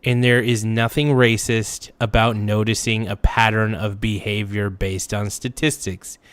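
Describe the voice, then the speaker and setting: A man's voice: fairly low pitch, level tone, unhurried, fairly bright tone, dry recording. Blunt, emphatic man ranting on a livestream. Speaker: livestream reaction host. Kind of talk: ranting reaction commentary.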